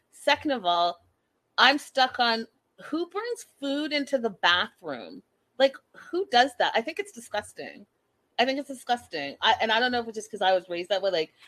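Animated woman giving a judgy recap. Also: medium pitch. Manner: animated, judgmental, talks to viewers directly. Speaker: commentator. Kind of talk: casual recap commentary.

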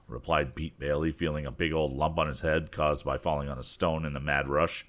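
A man reading a story aloud with relaxed, chatty asides. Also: a little fast, few pauses. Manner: voices the boys' lines with raised pitch. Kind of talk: casual read-aloud narration with asides.

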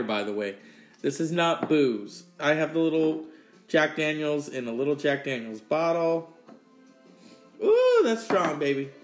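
A man with a sore throat hosts a casual solo podcast, rambling and swearing freely and sighing between sips. His voice is fairly high and the sound is roomy.

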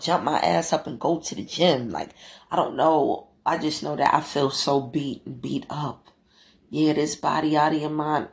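Middle-aged female podcast host, deep gravelly voice, frank and loose. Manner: candid, conversational, swearing freely. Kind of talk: casual solo podcast monologue.

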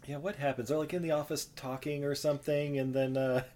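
A man's voice: fairly high pitch, fairly even intonation, a little fast, a little mellow, slight background noise. A man co-hosting a podcast, recapping a movie in a casual, rambling way with frequent laughter. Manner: chatty, laughs often, rambling asides. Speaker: podcast co-host.

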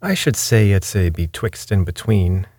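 A man's voice: low voice, very animated, a little slow, darkish tone, no room sound, heavily acted. A man voicing a homely country landlord who speaks in plain, simple words. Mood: plain, bothered. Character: worried, plain-spoken male farmer and landlord.

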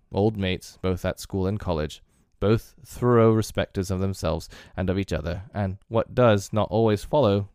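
Male narrator, very low voice, dark mellow tone, measured audiobook reading, dry close sound. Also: no room sound. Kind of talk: scripted audiobook narration of a classic novel.

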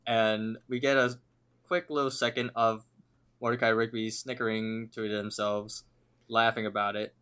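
A man's voice: lowish voice, little pitch movement, moderate pace, pushed and bright, clear, resonant tone. A man co-hosting a podcast, casually retelling a cartoon episode scene by scene. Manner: retells scenes at length, reading lines out. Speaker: podcast co-host.

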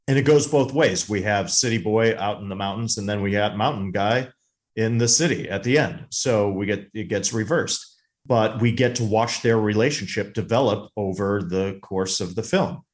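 A man co-hosting a podcast, chatting about a movie in a self-correcting, affirming way. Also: on the low side. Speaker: podcast co-host. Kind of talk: casual movie discussion.

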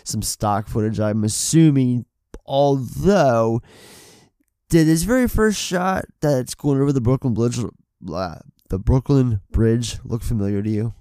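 A male podcast co-host talks in a loose, rambling way, swearing often and joking at his own expense. His voice is gravelly and mellow. The recording is dry and close, with no room sound. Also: mid-range voice, measured pace, no echo. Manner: profane, rambling, self-deprecating. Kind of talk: casual chat.

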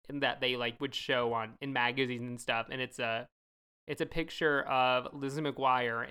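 A podcast co-host chatting casually and telling stories in an animated way, laughing often. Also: mid-range voice, clean tone. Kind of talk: casual chat.

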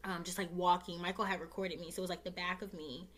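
A woman's voice: on the low side, steady tone, quick pace, a bit bright. A young woman hosting her own podcast, talking straight to her listeners in a casual, heartfelt way. She, uses many fillers and is close to tears. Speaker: podcast host.

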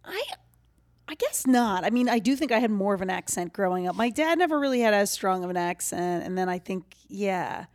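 A woman's voice: mid-range voice, animated, fairly quick, dry recording, clean studio sound. A woman comedian guest chatting casually, rambling and breaking off her own sentences. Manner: rambling, self-interrupting, laughs easily. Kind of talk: casual chat.

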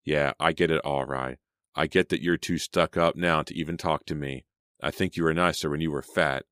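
A man's voice: rumbling low, fairly even intonation, moderate pace, fairly bright tone, clear, resonant tone, dry recording, studio quality. A man reading aloud, voicing a pushy, resentful teenage boy who stammers then turns blunt.

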